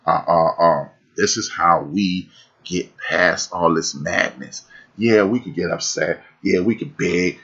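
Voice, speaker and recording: Husky deep-voiced preachy man. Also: fairly bright tone, dull audio. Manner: fiery and preachy, repeats phrases for emphasis. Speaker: podcast host. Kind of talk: live-streamed talk.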